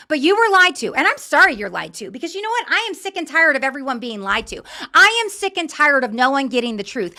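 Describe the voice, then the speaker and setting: A woman's voice: high-pitched, sharp tone. A middle-aged woman hosting a political talk show, ranting in fiery, impassioned commentary.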